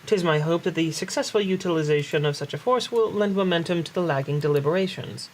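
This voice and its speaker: A man's voice: a little high, quick pace, slight background noise, close to an everyday voice, low-quality recording. A man reading game dialogue aloud as an earnest, formal young male statesman, in a mock-solemn way.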